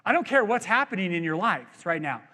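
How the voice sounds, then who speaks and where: A male pastor preaching in a chatty, joking way, his high voice leaping up and down with energy. He asks the crowd questions. A long church-hall reverb trails after each phrase. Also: very animated, fairly quick, pushed and bright. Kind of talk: sermon. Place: church sanctuary.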